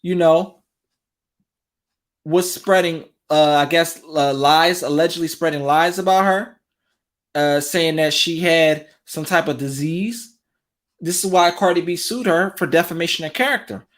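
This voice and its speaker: A relationship talk show host, this man offers casual commentary directly to his viewers at a measured pace. His voice runs on the high side, and he's animated, repeating phrases again and again for emphasis.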